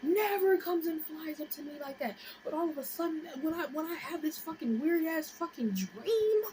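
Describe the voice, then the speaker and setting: A woman in her twenties tells a story on her vlog, animated and profane, dropping into whispers and rising into shrieks. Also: sits high, moderate pace, a little hiss or hum, poor audio. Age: 20s. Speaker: vlogger.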